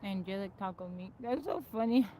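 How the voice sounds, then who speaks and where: A woman's voice: mid-range voice, moderate pace, mellow, slight background noise, low-quality recording. Chatty woman greeting stream viewers. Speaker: livestream host. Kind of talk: casual live-stream chat with viewers. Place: rural home in the woods.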